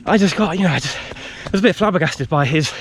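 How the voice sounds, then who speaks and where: A man's voice: on the high side, fast. A man vlogging outdoors in a wood, telling a story casually with lots of fillers, a little tired from running. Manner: rambling, animated retelling with frequent fillers.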